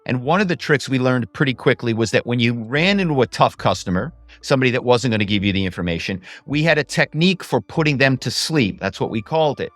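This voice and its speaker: A man's voice: mid-range voice, fast talker, hardly any pauses, no echo. Man telling stories as a podcast guest. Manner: animated, acts out phone calls in voices. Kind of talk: casual interview storytelling.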